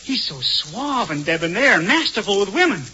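A man performing 1940s radio comedy, playful and mock-suave. His voice is very high and bright, with a lively swing in pitch. The old recording is muffled with faint hiss. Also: normal speed, slightly rough. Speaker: comedian host.

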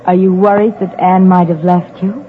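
Clingy unstable young woman played by a woman, breathy and intense, thin hissy old broadcast. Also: on the low side, steady tone, normal speed, close to an everyday voice. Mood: obsessive, pleading. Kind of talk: 1940s radio acting. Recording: tinny old radio broadcast with faint hiss.

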